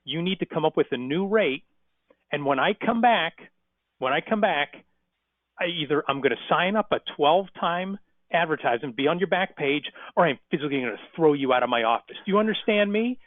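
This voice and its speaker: A man voicing a gruff, blustering middle-aged plumber who runs his own business and talks to a young salesman in a brusque, threatening way, heard over a tinny phone line. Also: a little high, lively intonation, brisk, no room sound, pitched above the performer's own voice, lightly acted. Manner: brusque, threatening then suddenly friendly.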